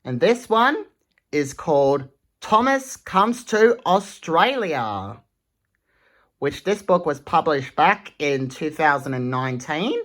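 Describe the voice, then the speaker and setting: A woman reading a children's picture book aloud, slow and expressive with a sing-song delivery. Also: deep voice. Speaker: storytime reader.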